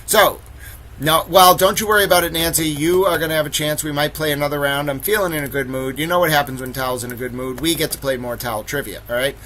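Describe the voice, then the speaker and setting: A man's voice: fairly high pitch, fairly even intonation, fast, bright, forceful tone, a little hiss or hum, low-quality recording. A man hosting a trivia game on a livestream, playful and theatrical, hamming up mock outrage. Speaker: livestream host running trivia. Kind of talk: casual livestream chat.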